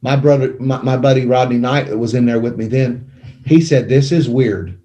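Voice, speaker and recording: A middle-aged man telling his own life story in a studio conversation, emotional and animated as he acts out what people said. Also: mid-range voice, normal speed. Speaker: guest telling his testimony. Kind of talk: conversational testimony. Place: small media studio. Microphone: studio microphone.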